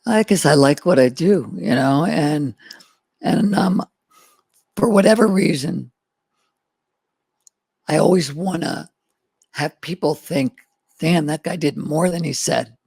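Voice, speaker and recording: Speaking slowly with long pauses, this middle-aged man has a fairly high, gravelly voice that's a little mellow and slightly rough, with no echo. As a guest entrepreneur in a candid storytelling interview, he's earnest and folksy, replaying old conversations in quotes.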